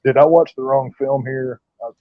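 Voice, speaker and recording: A man's voice: medium pitch, steady tone, moderate pace, dry recording. A man, co-hosting a casual podcast chat with brash, crude joking. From Texas. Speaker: podcast co-host. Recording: dull lo-fi audio.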